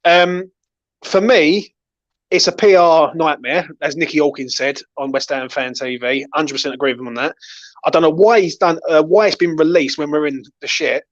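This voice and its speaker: A man hosting a casual football chat, blunt and animated, swearing freely. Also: on the high side, normal speed, no room sound. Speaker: podcast host. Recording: dull, dry lo-fi audio.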